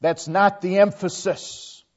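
In a dull, lo-fi recording, a male preacher gives a slow, deliberate sermon, hitting key words hard and letting each phrase fade quietly. His voice is a little high for a man and his tone stays steady.

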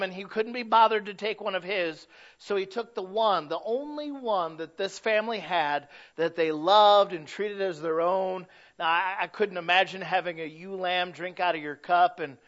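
A middle-aged man preaching a sermon, swinging from loud to hushed. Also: sits high, highs cut off. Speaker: pastor.

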